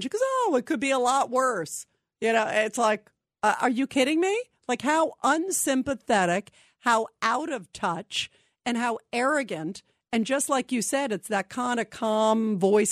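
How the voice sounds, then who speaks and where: A woman hosting a call-in radio talk show, talking in an animated, indignant way with many quick restarts. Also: medium pitch, no echo, clean studio sound.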